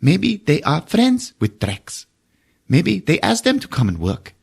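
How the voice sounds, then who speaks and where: Man putting on a wistful alien kid, squeaky and high, pleading, cartoonish comedy-podcast bit. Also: huge pitch swings, unhurried, gravelly, slightly rough, full character voice. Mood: curious. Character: sad earnest alien boy.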